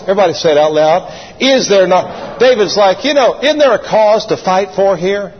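Fervent preacher man, husky. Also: high voice, lively intonation, brisk. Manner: preachy, rising to fervent calls and call-and-response. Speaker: pastor. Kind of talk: sermon. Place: church sanctuary. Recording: dull lo-fi sound in a long-reverb hall.

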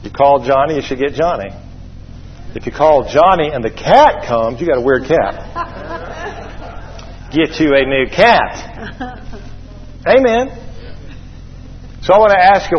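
A man preaching a sermon to a congregation, lively and joking, calling out for amens. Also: fairly high pitch, measured pace, long pauses, slight background noise. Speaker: pastor. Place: church hall. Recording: echoey, slightly dull church hall recording.

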